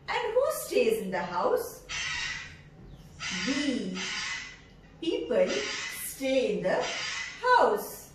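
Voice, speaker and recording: A woman, teaching preschoolers slowly and in a sing-song way. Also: sits high, background noise. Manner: sing-song, slow and drawn out, imitates animal sounds. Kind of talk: teaching young children. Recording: echoey room from far off.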